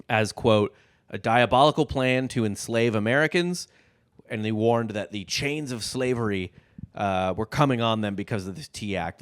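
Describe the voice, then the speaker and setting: A man co-hosting a history podcast, telling the story in a loose, rambling way with lots of fillers. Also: medium pitch. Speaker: podcast co-host. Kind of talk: casual history podcast chat.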